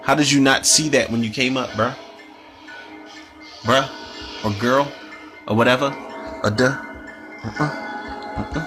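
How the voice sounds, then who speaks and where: A man's voice: medium pitch, normal speed, long pauses, over music. A man hosting a casual, profane watch-along commentary, riffing loosely on the film as it plays. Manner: profane, animated, riffs on the film. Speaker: movie commentary host. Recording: film soundtrack playing behind.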